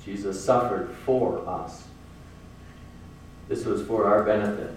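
A man's voice: on the low side, steady tone, slow pace, a little hiss or hum. A man preaching a sermon in a casual, earnest way, repeating phrases for emphasis. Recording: very echoey room from far off.

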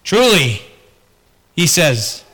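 A man's voice: fairly high pitch, big pitch swings, drawn-out words, sharp tone, breathy edge, in a large hall. A man preaching a sermon as pastor, talking earnestly and putting rhetorical questions to the congregation.

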